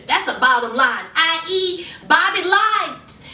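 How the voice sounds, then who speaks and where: A woman's voice: very high voice, expressive, slow pace, bright, forceful tone, distant mic. A woman chatting through celebrity gossip as a vlogger, drawling and calling her viewers honey and y'all. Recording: roomy and off-mic.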